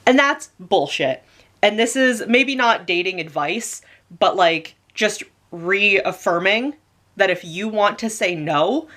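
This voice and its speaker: A young woman giving casual advice in a vlog, talking fast and emphatically with lots of fillers. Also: medium pitch, fairly bright tone. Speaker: video creator.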